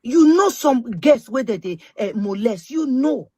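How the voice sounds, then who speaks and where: In an impassioned talk to her social media followers, a middle-aged woman with a Nigerian Pidgin English accent presses her points forcefully and repeats them. Her pitch is fairly high, her intonation lively, her pace measured, and there's no echo.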